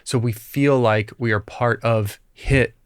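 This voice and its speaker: A man's voice: medium pitch, fairly even intonation, slow pace, clear, resonant tone, dry recording, clean studio sound. A man co-hosting a film podcast, eagerly thinking aloud about a shot and leaning on "like" as he works it out. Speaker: podcast co-host, film reviewer. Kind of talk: casual film-analysis chat.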